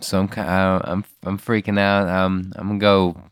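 A man's voice: low-pitched, flat delivery, moderate pace, clean tone, no echo, clean studio sound. A man playing in an improvised tabletop game, talking hesitantly with lots of stammers and fillers. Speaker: player.

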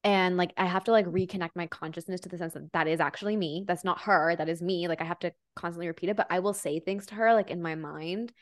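Chatty lower-voiced woman podcast host. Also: steady tone, fast talker, hardly any pauses, dry recording, clean studio sound. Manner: chatty, emotional, says "like" often. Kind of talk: conversational podcast interview.

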